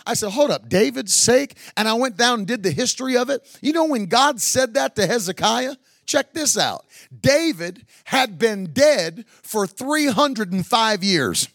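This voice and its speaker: A man preaching a sermon. He swings from chatty, joking stretches up to shouted, sing-song peaks full of woos and hallelujahs. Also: sits high, big pitch swings, unhurried, no echo, studio quality.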